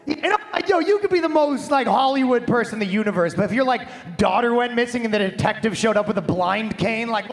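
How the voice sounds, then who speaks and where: A man's voice: extremely high pitch, expressive, quick pace, hardly any pauses. A man doing a stand-up comedy set on a live stage, brash, crude and conversational, into a handheld microphone.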